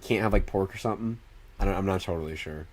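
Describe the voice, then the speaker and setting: Young dude streaming, rambly and sweary, super animated talking to chat. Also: male voice, sits low, quick pace. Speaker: livestreamer. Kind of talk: casual livestream chat.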